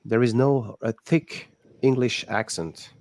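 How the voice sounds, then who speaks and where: A young man talks casually, stopping and restarting his thoughts as he goes. His voice sits at an average pitch. The recording is dry and close, with no room sound. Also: a little mellow, no room sound. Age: 20s. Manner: halting, with many restarts and fillers. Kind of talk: casual chat.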